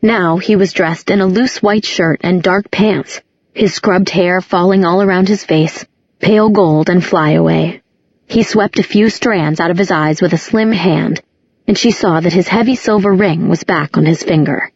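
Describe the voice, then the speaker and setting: A woman narrating a novel aloud as an audiobook narrator, in a measured, even reading. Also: lowish voice, breathy edge, no room sound. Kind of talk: scripted narration. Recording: dull lo-fi audiobook recording.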